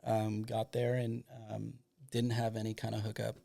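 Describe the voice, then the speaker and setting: A man's voice: fairly low pitch, completely flat delivery, moderate pace, vocal fry, dark tone. A man from Michigan, a documentary filmmaker, tells a long anecdote as a podcast guest in a rambling way full of fillers. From Michigan, United States. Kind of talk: casual storytelling.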